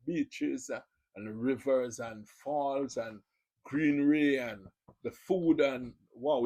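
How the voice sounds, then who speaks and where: A man's voice: mid-range voice, a little mellow, low-quality recording. A man with a Jamaican accent hosting his own video channel, giving a casual, rambling spoken testimony full of "you know" fillers.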